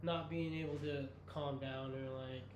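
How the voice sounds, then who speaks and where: Young male guest, casual and halting, roomy echo, faint noise. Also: medium pitch, steady tone. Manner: halting, heavy use of "like". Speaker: podcast guest. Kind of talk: casual chat. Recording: echoey room with faint noise.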